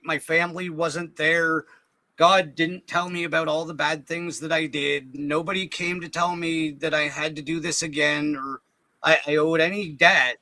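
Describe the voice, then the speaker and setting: A middle-aged man speaks as an interview guest, his voice strikingly bright and set a little high. He tells his story earnestly, stumbling and repeating words as it moves him, and the sound is close and dry. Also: dry recording, poor audio. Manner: earnest, halting, repeats words when emotional. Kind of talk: personal storytelling.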